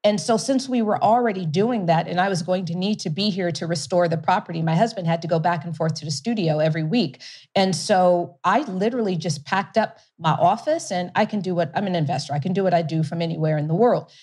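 A middle-aged woman talks a little fast in a lowish, slightly mellow voice. As a whiskey company founder and investor in an interview, she tells her story with energy, laughs often, and restarts her sentences.

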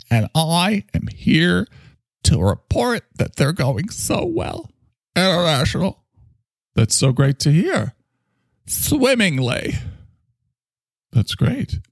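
A man doing a pompous squeaky playhouse boss. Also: no room sound, exaggerated voice. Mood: grandiose. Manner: drawn-out, bossy, grandiose delivery. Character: pompous high-voiced male leader of a playhouse. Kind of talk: improvised comedy podcast bit.

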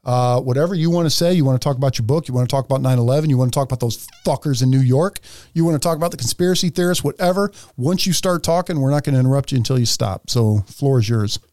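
A man's voice: mid-range voice, fast talker, a little mellow, dry recording, clean studio sound. A man hosting a podcast, joking and swearing loosely in casual chat. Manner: profane, joking, brash. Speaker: podcast host.

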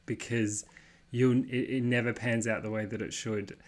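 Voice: mid-range voice, fairly even intonation, moderate pace. Co-host rambling about scary stories, lots of likes and ums, swears casually. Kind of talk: casual chat.

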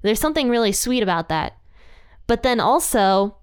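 A woman's voice: fairly high pitch, lively intonation, moderate pace, clear, resonant tone. A woman hosting a Bible study podcast, talking through a passage in an earnest, reflective way. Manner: earnest and reflective, with frequent restarts. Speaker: Bible teaching podcast host. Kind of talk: casual Bible study talk.

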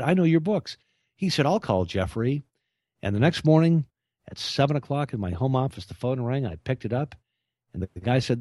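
A lower-pitched man spins a business anecdote in an animated way, voicing the people he quotes as he goes. The sound is dry and close, with no room around it. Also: no echo. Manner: animated storyteller, acts out quoted voices. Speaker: author and podcast co-host. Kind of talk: storytelling interview talk.

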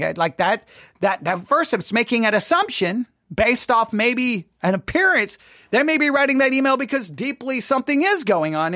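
A man's voice: high voice, a bit bright, no echo, studio quality. A man commenting casually on a sermon, rambling with restarts and mimicking pastors.

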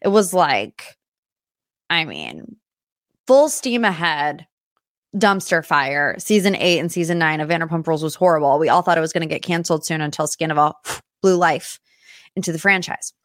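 A woman's voice: low voice, normal speed, no room sound, clean studio sound. A young adult woman hosting a solo pop-culture podcast in casual chat, talkative and prone to tangents. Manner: chatty, tangent-prone, animated asides. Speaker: podcast host.

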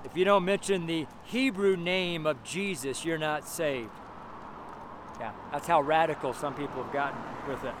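A man's voice: on the high side, moderate pace, noisy background. A man giving a street sermon and prayer, preaching emphatically with lots of repetition and fillers.

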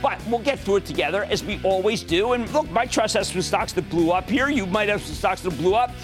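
A high-voiced man with a Pennsylvania accent hosts a market show with wildly swinging, animated delivery. He is emphatic and excitable, and his enthusiasm bursts into shouts. Faint music plays beneath him. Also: brisk. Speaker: TV stock market show host. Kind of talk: excitable financial commentary.

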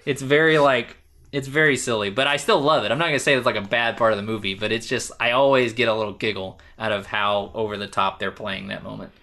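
A man co-hosting a podcast, talking casually and animatedly, with rambling restarts and quick laughs. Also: fairly low pitch, steady tone, bright, forceful tone. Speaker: podcast co-host. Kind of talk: casual movie discussion.

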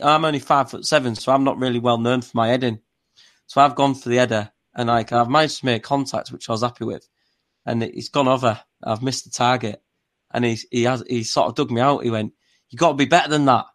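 Man, podcast co-host, casual chat, rambling, lots of fillers, mid pitch. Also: steady tone, fairly quick, fairly bright tone. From not from Newcastle. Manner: rambling, filler-heavy storytelling.

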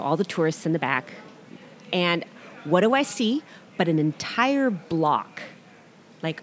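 A middle-aged woman, a guest artist, telling her story in a relaxed interview, animated and acting out quotes. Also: lowish voice, a little hiss or hum.

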